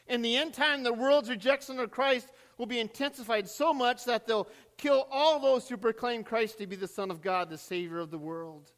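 A man preaching a sermon as pastor, swinging between rising cries and hushed drops, recorded in a church sanctuary. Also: very high voice, big-room sound.

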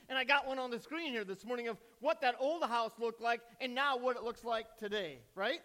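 Male pastor, higher-pitched voice, sermon delivery with quiet drops and loud surges. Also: a little fast, hardly any pauses. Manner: preaching with sudden loud rises and hushed drops.

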